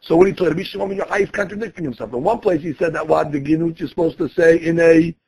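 A man's voice: on the high side, very fast, vocal fry, a little mellow, husky. A man teaching a Talmud lesson, explaining each quoted phrase and restating his points in a conversational way.

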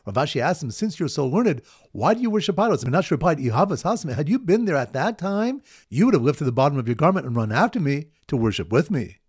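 Man, a bit high, animated pitch, slightly husky; lively Talmud teacher, dry close recording. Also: quick pace, few pauses, dry recording. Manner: lively storytelling with Hebrew and Aramaic terms. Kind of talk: memory-aid Talmud lesson narration.

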